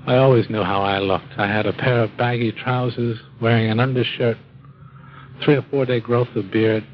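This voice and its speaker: A man's voice: mid-range voice, fairly even intonation, normal speed. Wry man telling a story, lo-fi. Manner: wry, self-mocking humor; folksy, acts out quoted speech. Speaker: speaker telling his own drinking story. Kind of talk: storytelling talk.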